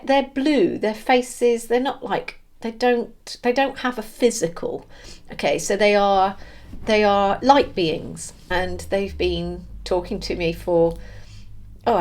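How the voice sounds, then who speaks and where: A woman giving an earnest, emotional spiritual monologue, halting and restarting as she searches for words. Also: mid-range voice. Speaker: spiritual vlogger.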